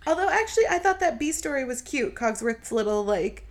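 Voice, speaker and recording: A woman's voice: sits high, very animated, brisk. A woman in a casual podcast chat, adding wry, sarcastic quips.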